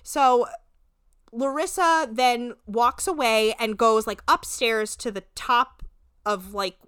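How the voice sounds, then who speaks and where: A woman's voice: a little high, slow pace, clear, resonant tone, no room sound. Chatty woman podcast host, dry sound. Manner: chatty, sprinkles "like" and swearing, animated retelling. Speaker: podcast co-host recapping a reality show. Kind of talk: casual chat.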